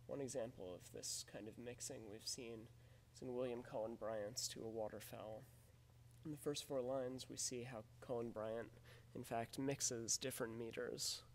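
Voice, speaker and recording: A man's voice: medium pitch, fairly even intonation, normal speed. A man teaching a recorded lesson on poetry, explaining it step by step in a methodical way. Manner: methodical, explanatory, often says "in fact". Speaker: literature teacher.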